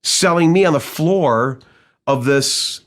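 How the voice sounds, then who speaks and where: A man's voice: on the high side, slow. A man teaching sales in a casual, storytelling way, acting out quoted dialogue and asking his listeners rhetorical questions. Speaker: sales trainer. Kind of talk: conversational sales-training audiobook storytelling.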